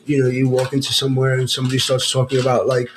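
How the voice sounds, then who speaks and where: A man's voice: mid-range voice, completely flat delivery, slight background noise, rough recording. Guy on a podcast, mid voice, lots of you knows and restarts. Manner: halting, many "you know"s and restarts. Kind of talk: casual podcast chat.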